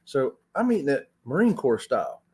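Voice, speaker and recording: A man from Florida hosts a laid-back travel livestream from his hotel room, chatting, laughing often and calling his viewers y'all. His husky, medium-pitched voice takes huge pitch swings at a normal speed.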